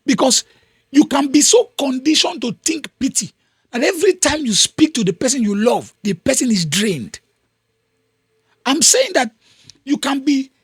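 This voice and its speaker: Nigerian-accented man, podcast host, husky, mid-pitched, dry close sound, preachy and insistent. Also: no echo. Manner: emphatic, repeats phrases. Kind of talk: motivational talk.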